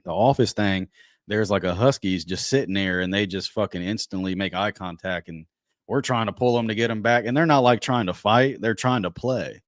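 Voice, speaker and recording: This is a man hosting a casual podcast. His voice sits low, and he tells stories in a loose, laid-back way, swearing often. The sound is dry and close, with no room around it. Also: normal speed, no room sound. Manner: laid-back, profane storytelling. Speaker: podcast host. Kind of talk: casual chat.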